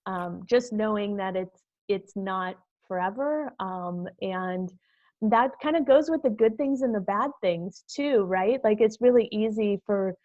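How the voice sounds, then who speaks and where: A woman speaking earnestly in a casual parenting video chat, pausing with fillers. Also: medium pitch, darkish tone, dry recording, dull audio. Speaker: parent, guest in discussion.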